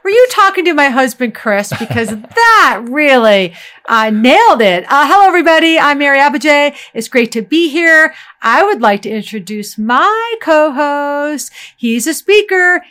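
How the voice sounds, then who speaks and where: A woman's voice: sits high, fairly bright tone. A middle-aged woman co-hosting a podcast, talking emphatically and laughing easily in casual chat. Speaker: podcast co-host.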